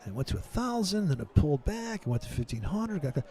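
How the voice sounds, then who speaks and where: Profane rambling man, mellow voice. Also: on the high side, very animated, fast. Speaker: livestream trading host. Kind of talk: casual ranting chat with viewers.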